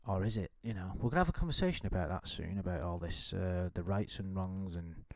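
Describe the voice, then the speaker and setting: A man's voice: deep voice, a little fast, dry recording, clean studio sound. Sweary, rambling man. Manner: sweary, rambling, frequent restarts and laughs. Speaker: commentator reading chat logs. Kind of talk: casual ranting commentary.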